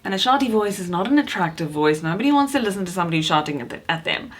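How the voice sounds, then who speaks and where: A woman with a lowish voice gives a vocal coaching lesson straight to camera. She speaks with emphasis and encouragement and stresses her key points. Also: animated, very fast. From South Africa. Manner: emphatic, encouraging, demonstrates shouting.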